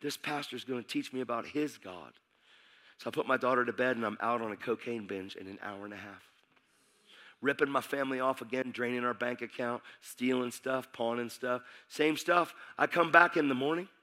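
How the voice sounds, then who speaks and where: A man preaching a testimony, animated and emphatic, dropping to a hush and then shouting as he acts out the scenes. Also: mid-range voice, fairly quick. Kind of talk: sermon testimony storytelling.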